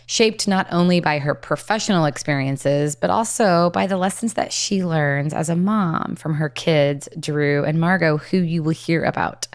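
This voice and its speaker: A woman's voice: deep voice, normal speed, few pauses. A woman hosting a leadership podcast, introducing and interviewing her guest with eager enthusiasm. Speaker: podcast host.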